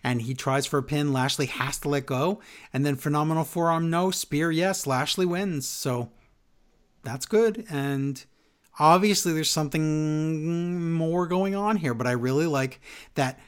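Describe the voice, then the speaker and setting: A man's voice: fairly high pitch, a little slow. A man co-hosting a podcast, ranting sarcastically in a casual wrestling recap. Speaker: podcast co-host.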